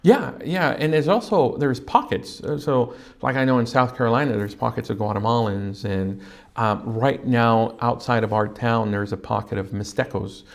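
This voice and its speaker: A man who pastors a Spanish-speaking church, talking casually on a podcast with frequent pauses and fillers. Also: medium pitch, creaky. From California, USA. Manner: halting, with many fillers and restarts.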